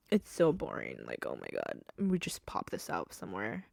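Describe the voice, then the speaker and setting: A woman's voice: extremely low pitch, huge pitch swings, normal speed, vocal fry, hardly any pauses, no room sound, studio quality. A woman hosting a casual solo podcast from home, rambling and giggling with self-deprecating asides. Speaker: podcast host. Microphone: podcast microphone.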